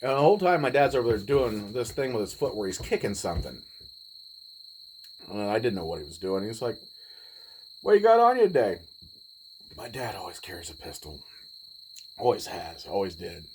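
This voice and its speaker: A man in his forties, telling a personal story in a laid-back, rambling way with pauses. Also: fairly low pitch, expressive, darkish tone, a little hiss or hum, low-quality recording. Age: 40s. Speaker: vlogger. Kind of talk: casual storytelling.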